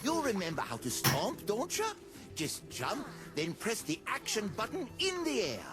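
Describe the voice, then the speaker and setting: A bossy video game ally who gives combat tips. He speaks high and very animated, coaching the player, with game music playing underneath. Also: normal speed. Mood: urging. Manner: instructive, coaching.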